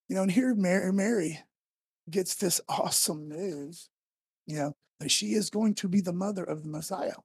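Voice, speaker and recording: A man preaching a casual, conversational sermon, building emphatically to near-shouts when he quotes scripture figures. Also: sits high, normal speed, husky, dry recording, clean studio sound.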